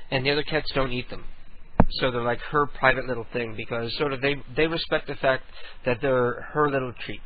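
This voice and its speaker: A man hosting a radio show from home, his voice hoarse and strained, rambling loosely and swearing in a self-mocking, meandering way. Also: medium pitch. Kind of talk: casual rambling monologue and call chat. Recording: lo-fi phone-like audio with faint hiss.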